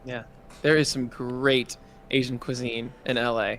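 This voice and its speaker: An easygoing man with a mid-pitched voice co-hosts a live call-in show. He tells long anecdotes and laughs now and then. Faint noise runs behind him. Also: flat delivery, measured pace, fairly bright tone. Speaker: co-host.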